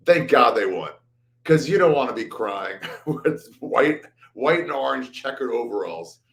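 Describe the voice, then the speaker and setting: A man's voice: medium pitch, lively intonation, unhurried, creaky, a bit bright. A man, a comedian, chatting casually as a guest, joking and self-deprecating with laughs. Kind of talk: casual chat.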